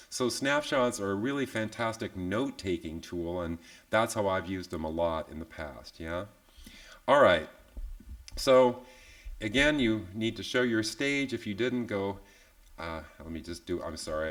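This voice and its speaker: Guy running a live online software tutorial, kinda low voice, laid back and chatty, jokes about himself. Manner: relaxed, chatty, tag questions like "yeah?"; self-deprecating asides. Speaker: software instructor.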